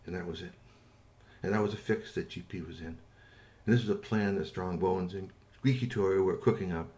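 A man telling an improvised bedtime story to a child, relaxed and unscripted. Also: low-pitched, a little fast.

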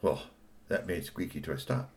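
A middle-aged man narrating a children's story in an animated way, talking to young listeners. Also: low voice, normal speed, gravelly.

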